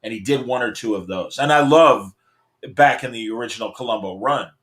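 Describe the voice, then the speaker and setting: Guy hosting a video call chat, excited, rambles and restarts a lot. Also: medium pitch, a little fast. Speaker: podcast host. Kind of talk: casual chat.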